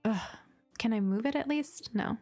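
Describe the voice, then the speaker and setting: A woman streamer gushes in casual chat during gameplay, dropping plenty of "like" fillers. Her voice is fairly high with a darkish tone and a moderate pace. Faint music sits behind her.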